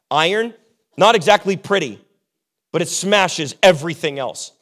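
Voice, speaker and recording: A young adult man preaching a sermon as pastor, casual and joking, acting out quick quotes. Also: sits high.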